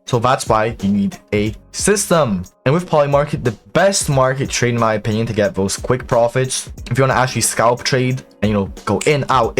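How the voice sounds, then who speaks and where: A young man giving a brash, casual trading tutorial, swearing often and talking straight to viewers. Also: medium pitch. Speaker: crypto trading YouTuber. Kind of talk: casual profane tutorial monologue.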